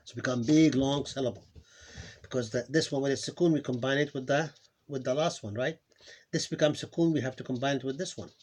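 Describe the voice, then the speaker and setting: A man who is losing his voice, teaching a pronunciation lesson. He talks haltingly, repeats words and drills sounds slowly, clearing his throat now and then. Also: medium pitch, a little mellow. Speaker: Arabic teacher. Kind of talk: live online lesson.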